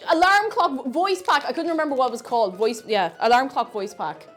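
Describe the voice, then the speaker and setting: A woman streamer chatting playfully while she cooks on a livestream, now and then breaking into silly noises. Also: sits high. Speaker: livestreamer and VTuber. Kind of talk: casual chat while cooking on a livestream.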